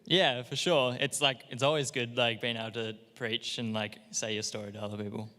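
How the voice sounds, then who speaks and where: Soft-spoken young man, bright hall sound. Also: mid-range voice, little pitch movement, a little fast. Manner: short, shy answers. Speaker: young church member. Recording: long hall reverb.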